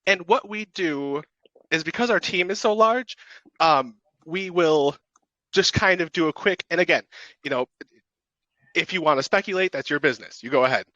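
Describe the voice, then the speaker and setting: A man who coordinates a blockchain, explaining his team's process in relaxed casual podcast chat. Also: a little high, normal speed, no room sound, dull audio. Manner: explanatory, relaxed, says right a lot.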